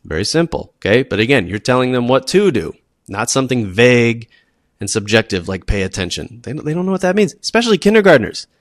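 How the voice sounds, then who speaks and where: A man who teaches PE, presenting classroom tips in an animated, emphatic way and often checking in with "okay?". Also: mid-range voice, quick pace, no echo, studio quality. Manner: animated, acts out students and teachers.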